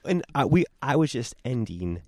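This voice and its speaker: A man's voice: medium pitch, big pitch swings, moderate pace, no echo. A young adult man co-hosting a casual chat with his wife, teasing her with dry understatement. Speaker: podcast co-host.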